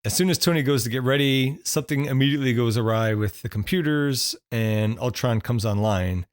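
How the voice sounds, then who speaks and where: Guy cohosting a movie podcast, mid pitch, dry close sound, chatty and laughs a lot. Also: brisk, no echo. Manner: chatty, laughs often, restarts mid-thought. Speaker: podcast co-host. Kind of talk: casual movie review chat.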